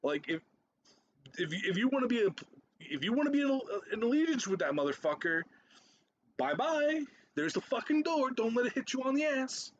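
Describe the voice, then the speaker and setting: A man's voice: very high voice, very animated, moderate pace, lo-fi sound, slight background noise. A man in his thirties ranting in a profane, rambling reaction commentary, repeating himself and laughing between points. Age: 30s.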